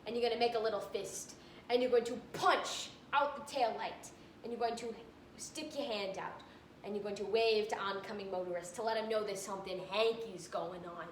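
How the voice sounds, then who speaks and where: High, animated woman doing stand-up. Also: moderate pace, slight background noise. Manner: animated, jumping into character voices. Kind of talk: stand-up comedy routine. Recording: echoey room, mic far off.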